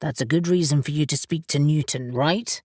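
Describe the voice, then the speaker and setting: A woman's voice: sits low, brisk, darkish tone, dry recording, studio quality. A woman narrator voicing a blunt young man who teases and goads his friend with certainty. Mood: determined, teasing. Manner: blunt, goading.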